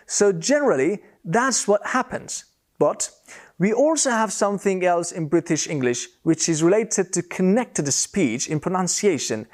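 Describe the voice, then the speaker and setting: Slow, lively-pitched male pronunciation teacher. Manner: slow, careful, demonstrates sounds by repeating words. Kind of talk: scripted lesson to camera.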